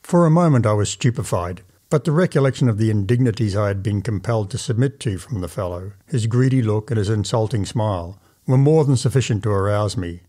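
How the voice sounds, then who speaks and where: A man narrating an old first-person story as a measured, formal audiobook reading. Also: fairly low pitch, lively intonation, dark tone.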